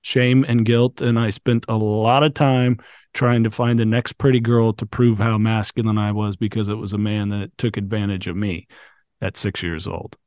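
A podcast host speaks reflectively and candidly in a fairly low, slightly mellow voice with little pitch movement and a moderate pace. The recording is studio quality, without room sound.

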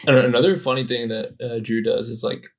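A man's voice: medium pitch, fairly even intonation, a little fast. A young man co-hosting a podcast, rambling through a story with many fillers. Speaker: podcast co-host. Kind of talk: casual chat.

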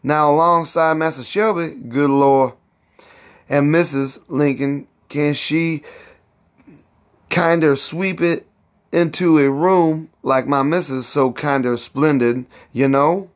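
A man reading aloud gives voice to a proud, bossy old plantation cook who fusses and scolds in thick old Southern dialect. Her voice sits higher than his own and her words are slow and drawn out. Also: fairly even intonation. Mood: boastful. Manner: raised pitch, drawn-out words.

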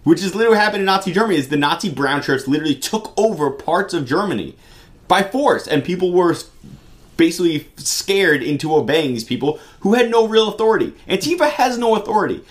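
A man's voice: sits high, lively intonation, quick pace. Blunt, heated man co-hosting a talk show. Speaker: podcast co-host. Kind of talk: casual political talk.

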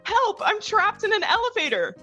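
A woman voicing a panicking teenage schoolgirl with shrill, high exclamations. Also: moderate pace, a bit bright, faint music behind. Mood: panicked.

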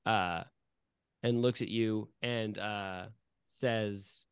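A man running a tabletop game as game master, narrating in a halting way with many fillers. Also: fairly low pitch, steady tone, smooth, no echo.

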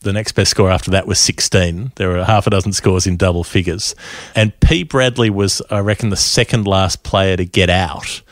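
A man's voice: sits low, fairly even intonation, moderate pace, dry recording. An Australian man co-hosting a casual podcast, chatting with dry, jokey banter. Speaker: podcast co-host.

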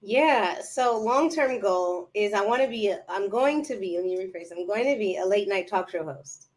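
Woman podcast guest, casual chat, lively storyteller who plays out old conversations. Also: mid-range voice, moderate pace. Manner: animated storyteller, acts out her own past dialogue.

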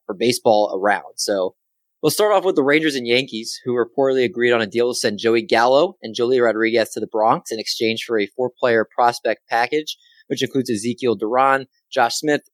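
A man's voice: mid-range voice, dry recording. Guy doing a solo sports podcast, upbeat and jokey, dry close sound. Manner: upbeat, self-deprecating, quick asides. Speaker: podcast host.

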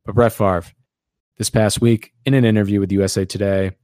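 A man's voice: on the low side, steady tone, fairly quick, a little mellow, no echo, studio quality. Sarcastic man hosting a podcast. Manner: sarcastic, rambling. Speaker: podcast host. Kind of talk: casual podcast chat.

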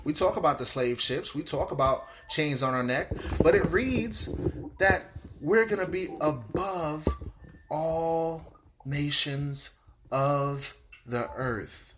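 A man's voice: on the high side, fairly bright tone. Fervent preaching man, noisy recording. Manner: call-and-response preaching, repeats lines for emphasis; reads scripture slowly and deliberately. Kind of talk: sermon.

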